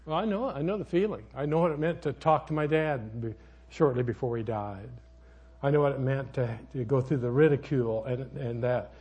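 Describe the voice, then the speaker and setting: An older man preaching a sermon as a pastor, folksy and rambling, with sudden loud outbursts in his storytelling. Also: mid-range voice, a little fast, breathy edge.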